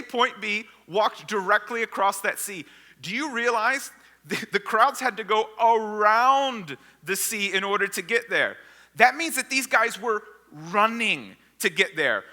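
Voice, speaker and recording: A man preaching a sermon as pastor, retelling a story with lively acted-out voices for the people in it. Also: sits high. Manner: storytelling, acting out the disciples and crowd. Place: church sanctuary. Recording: long hall reverb.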